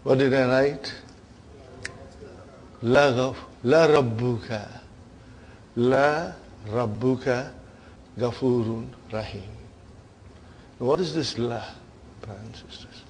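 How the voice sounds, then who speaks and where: A man's voice: medium pitch, slow, long pauses, darkish tone, a little hiss or hum. A man teaching an Arabic grammar class, lecturing and often checking with his students through short questions.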